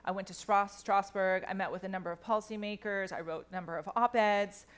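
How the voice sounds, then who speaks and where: A woman giving interview answers in an earnest, measured way with some fillers. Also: mid-range voice, steady tone, clean tone. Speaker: interviewee, company executive.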